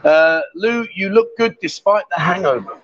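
Guy with a pretty high voice hosting a bar livestream, jokey teasing, kinda dull lo-fi sound. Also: lively intonation, moderate pace, fairly bright tone, a little hiss or hum. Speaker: livestream host. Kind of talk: live bar stream banter. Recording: dull lo-fi stream audio.

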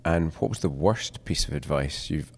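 A man with a Scottish accent asking interview questions in a rambling, halting way with frequent restarts. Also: very deep voice. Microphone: handheld microphone held toward guest.

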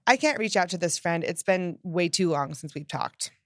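A woman giving an upbeat motivational self-help talk, emphatic and lively, acting out the phrases she quotes. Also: lowish voice, normal speed, no echo, studio quality. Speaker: self-help podcast host.

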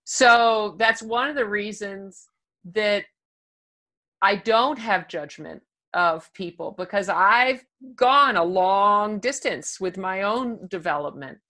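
A woman's voice: mid-range voice, slow pace, sharp tone. A woman dog trainer guesting on an interview show, speaking in an upbeat, matter-of-fact way. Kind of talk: casual interview chat.

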